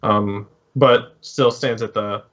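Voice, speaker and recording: A man as game master, narrating a tabletop game with hesitant pauses and restarts. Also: on the low side, steady tone, fairly bright tone, dull audio. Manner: hesitant, lots of ums and restarts.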